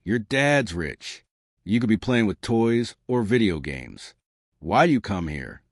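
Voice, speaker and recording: A frightened homeless little boy, six years old, hesitant and stammering, as a man narrating puts him on. His voice sits low and swings widely in pitch, with a dry close sound. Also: big pitch swings, measured pace, no room sound, full character voice. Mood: timid.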